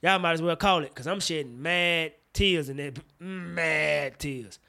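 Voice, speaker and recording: A man in his thirties co-hosting a casual podcast, talking about movies in an animated, slangy, profane way. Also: on the high side, brisk. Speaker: podcast co-host.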